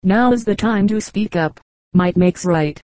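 A woman's voice: mid-range voice, measured pace, mellow, dry recording, close to an everyday voice. Storybook lion, male, savage and boastful, growling, read by a woman. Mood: menacing. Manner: growling, menacing.

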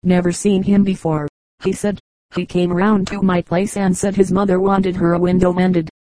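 A woman reading short humorous anecdotes for an audiobook in a measured way, lightly marking the quoted speakers. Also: fairly low pitch, level tone, dark tone, dry recording, poor audio. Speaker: audiobook reader.

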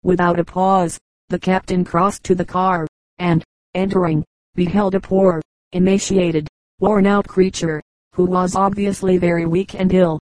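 A woman's voice: lowish voice, unhurried, dry recording, rough recording. Woman reading a story aloud evenly. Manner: steady, even reading. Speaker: audiobook reader. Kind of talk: scripted narration.

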